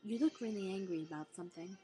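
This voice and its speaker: A woman's voice: mid-range voice, fast, warm tone, soft background music, lightly acted, rough recording. A woman voicing a bossy, earnest teenage schoolgirl in a prim, lecturing manner, read from a storybook.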